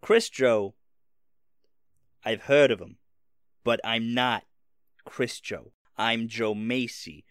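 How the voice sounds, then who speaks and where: A man's voice: mid-range voice, takes it slowly, pauses often, a bit bright, smooth, no echo, clean studio sound. A man voicing a blunt, impatient young woman suspect in a tabletop game, with curt, sassy put-downs. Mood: defensive.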